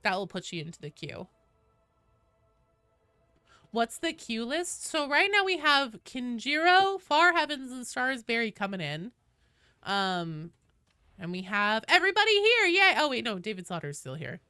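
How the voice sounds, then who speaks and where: A young woman live-streaming from a small home office, her voice bright and ringing and leaping up and down as she chats with viewers. The sound is dry and close, with no room echo. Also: fairly high pitch, sing-song, unhurried, smooth. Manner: chatty, talks to chat and her cat. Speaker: game streamer. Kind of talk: casual live-stream chat.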